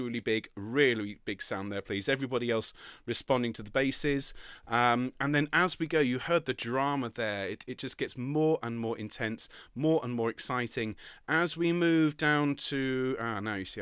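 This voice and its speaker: A man's voice: mid-range voice, a bit bright, smooth, dry recording, clean studio sound. A middle-aged man leading an online choir rehearsal, chatty and enthusiastic, often repeating his words as he coaches the singers. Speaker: choir conductor.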